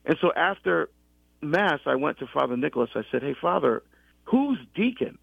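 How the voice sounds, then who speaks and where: A middle-aged deacon from the US East Coast in a conversational faith talk, telling his story with many restarts and animated quoted exchanges. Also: fairly high pitch, fairly quick, vocal fry, slightly rough, no echo. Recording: dull lo-fi sound.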